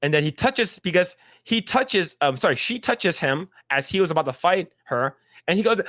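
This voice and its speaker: A man's voice: sits high, expressive, moderate pace, a bit bright, no room sound. A man co-hosting a podcast, recapping a show in casual, profane chat and acting out the scenes in little voices. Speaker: podcast co-host.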